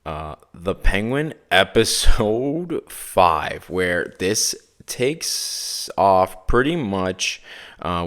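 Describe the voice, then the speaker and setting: A man's voice: sits low, a bit bright, clear, resonant tone. A Canadian man from Toronto with a Toronto accent, hosting a podcast in a casual, rambling way, full of fillers and tangents. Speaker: podcast host.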